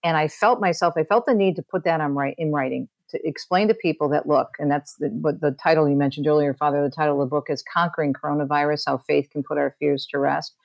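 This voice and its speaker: Brief: low-pitched middle-aged woman guest, chatty testimony, dry close mic. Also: fairly even intonation, quick pace, vocal fry, hardly any pauses, dry recording, highs cut off. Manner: warm storytelling with frequent restarts. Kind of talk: conversational interview testimony.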